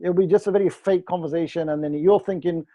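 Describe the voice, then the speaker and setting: A man leading an online training session, talking in a lively, joking way and acting out short dialogues. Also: a little high, quick pace, dry recording. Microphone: video call. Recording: dull lo-fi video call audio.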